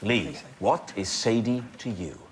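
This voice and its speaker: A man's voice: on the low side, animated, measured pace, a faint crowd. A man hosting a comedy panel show, with a playful delivery, in a TV studio. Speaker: quiz show host. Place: TV studio with a live audience. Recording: loud studio audience and room noise.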